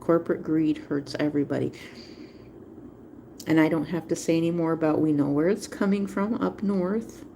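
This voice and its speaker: A woman's voice: low-pitched, fairly even intonation, moderate pace, gravelly, mellow, a little hiss or hum. A woman hosting a livestream, talking casually in a rambling way and repeating phrases for emphasis. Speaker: livestream host.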